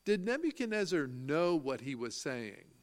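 A man's voice: a little high, very animated. A man preaching a sermon. He reads scripture aloud and explains it, stresses key phrases and asks the listeners questions, then answers them himself. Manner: slow, emphatic delivery, quoting scripture in old-fashioned wording.

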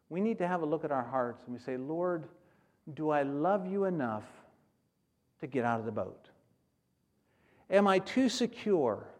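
Animated middle-aged missionary preacher, man. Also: on the high side. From United States. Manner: animated preaching, acts out prayers and rising to loud exclaims. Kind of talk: sermon.

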